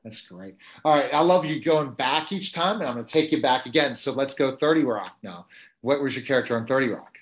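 A man's voice: medium pitch, a little fast. A man hosting a casual interview show, upbeat and steering his guest through questions. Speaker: talk show host.

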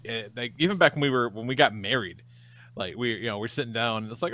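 A man co-hosting a casual podcast, cursing freely while telling an animated story. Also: mid-range voice, fast. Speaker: podcast co-host.

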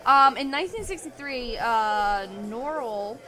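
A woman co-hosting a podcast in casual chat. She is giggly and excitable and swears casually. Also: sits high, unhurried, some chatter behind, low-quality recording. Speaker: podcast co-host.

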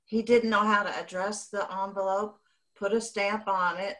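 A middle-aged woman in a casual group call, chiming in with relaxed short agreements and comments. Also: mid-range voice, moderate pace.

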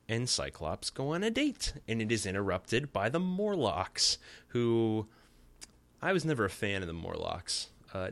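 A man's voice: on the low side, fairly bright tone, no echo. A man in his thirties hosting a podcast alone, recapping a cartoon episode in a casual, joking, rambling way full of fillers. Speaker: podcast host.

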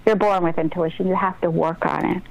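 A woman's voice: fairly low pitch, fairly even intonation, fairly quick, gravelly, dull audio. Woman author, radio guest, earnest motivational delivery. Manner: earnest, motivational, talks about breathing and intuition. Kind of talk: casual radio interview.

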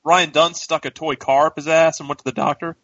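A man's voice: a little high, fairly even intonation, brisk, fairly bright tone, no echo, muffled recording. A man co-hosting a podcast who rambles and jokes, often restarting his sentences in casual chat. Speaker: podcast co-host.

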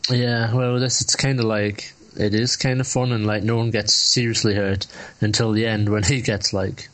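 Male co-host, a bit low-pitched, relaxed and giggly, loose filler-heavy talk. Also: moderate pace, poor audio. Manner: laid-back, laughs often, many fillers like "like". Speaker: podcast co-host. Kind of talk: casual film review chat.

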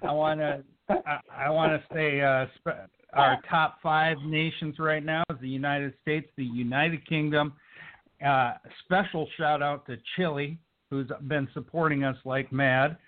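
An upbeat man hosting a call-in radio show, his voice sitting a little high for a man. He talks in an enthusiastic, friendly way. The sound comes through a thin, tinny phone line. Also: fairly even intonation, measured pace. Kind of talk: casual call-in radio chat.

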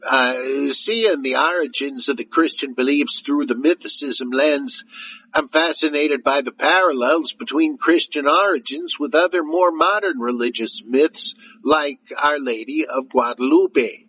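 A man reading a listener's letter in a put-on joking Canadian accent, adding "eh" to his sentences, with a husky voice. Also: fairly high pitch, unhurried, bright, forceful tone, lo-fi sound, full character voice. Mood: jokey. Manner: tacks on "eh" to sentences.

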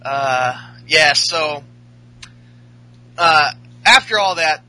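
A man's voice: on the high side, expressive, drawn-out words, bright, forceful tone, low-quality recording. A man hosting a casual podcast chat, rambling and swearing as he recaps a show. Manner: rambling, profane, laughing. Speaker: podcast host.

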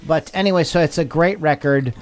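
A man's voice: fairly high pitch, fairly quick. Rambling enthusiastic male podcast host. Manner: rambling, enthusiastic, full of fillers. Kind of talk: casual music chat.

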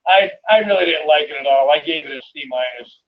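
A man's voice: a little high, quick pace, phone-quality sound. A man co-hosting a casual wrestling review show, talking hesitantly with lots of fillers. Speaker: podcast co-host.

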